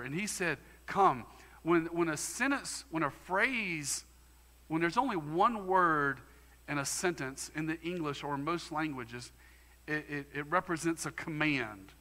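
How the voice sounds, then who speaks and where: A man's voice: on the high side, pushed and bright, in a large hall. A man preaching a sermon as pastor, emphatic and conversational. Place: church sanctuary.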